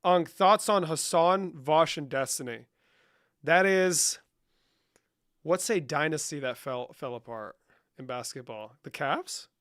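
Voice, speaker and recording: A man's voice: fairly high pitch, slow, a bit bright, no echo, studio quality. A young man hosting a livestream, reading chat questions and answering with profane, joking banter. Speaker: livestream host.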